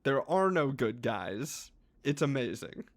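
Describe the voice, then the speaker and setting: A man, a podcast co-host, excitedly explaining his favorite hobby in a casual, rambling chat with frequent restarts. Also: medium pitch, slow pace.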